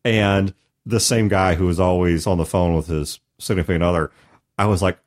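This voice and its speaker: A man's voice: sits low, fast. A man hosting a podcast in casual chat, talking emphatically and laughing often, from Missouri. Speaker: podcast host.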